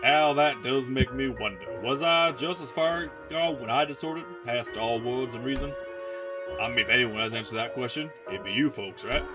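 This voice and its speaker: A man's voice: mid-range voice, moderate pace, music in the background, lightly acted. A man voicing a sleepy, eccentric swordsman who talks in drowsy, theatrical, old-fashioned riddles. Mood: drowsy, grandiose. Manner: drowsy, theatrical, archaic phrasing.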